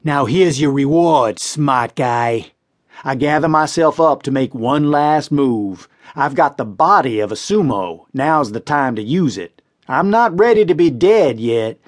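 A man reads crime stories for an audiobook, steady and measured. His voice sits at an ordinary middle pitch for a man. The narration is scripted and even. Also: no echo, clean studio sound.

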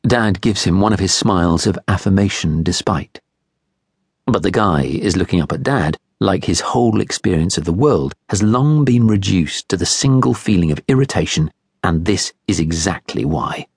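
A man narrates a literary novel in the first person, measured and wry. His voice is deep and a little husky. The recording is close and completely dry. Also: animated, darkish tone, no echo. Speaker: audiobook narrator. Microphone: close studio microphone.

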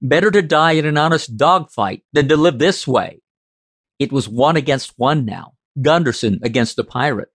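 A man narrates a science fiction audiobook in a steady, measured voice. His pitch sits in the middle range. The recording is dry and close, with no room sound. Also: breathy edge, no echo.

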